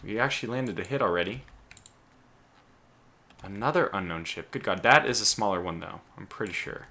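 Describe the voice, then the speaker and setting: A man's voice: on the low side, moderate pace, pushed and bright. A man doing gameplay commentary, thinking aloud with stumbling restarts and sudden exclamations, keyboard clicks behind him. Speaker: let's play host.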